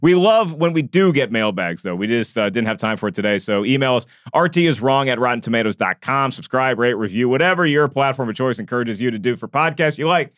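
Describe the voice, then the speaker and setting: A man's voice: mid-range voice, lively intonation, fairly bright tone, no echo. Playful male podcast host, dry studio. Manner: playful, teasing, quick sign-off patter. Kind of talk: casual chat.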